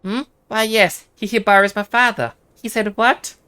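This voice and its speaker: A man voicing a gentle, apologetic young woman. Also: high-pitched, steady tone, normal speed, clean tone, voice pushed up. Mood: polite. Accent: Australian. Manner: soft, polite, apologetic, reading game dialogue aloud. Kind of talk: reading game dialogue with voices.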